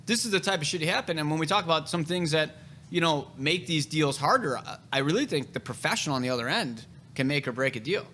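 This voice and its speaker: Blunt, bright-voiced man telling stories. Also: fairly high pitch, expressive, fast, slight background noise. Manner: blunt, profane storytelling. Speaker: real estate broker and podcast host. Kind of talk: casual podcast chat.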